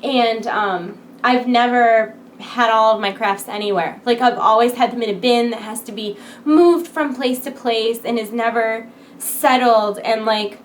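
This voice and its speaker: A woman's voice: a little high, a little slow, slight background noise. A woman in her twenties chatting casually to camera from home, full of filler words. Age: 20s. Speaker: vlogger. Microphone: computer desk setup.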